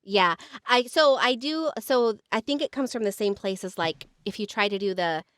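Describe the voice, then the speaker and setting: A woman's voice: mid-range voice, fairly bright tone, no room sound. Enthusiastic woman co-host. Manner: enthusiastic, quick remarks. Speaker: podcast co-host. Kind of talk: casual chat.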